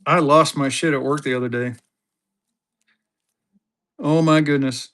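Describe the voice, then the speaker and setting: Upbeat male livestream seller, slightly high voice, chatty and excited auction patter. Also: unhurried. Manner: excited, chatty, talks straight to viewers. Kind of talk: live auction stream chat.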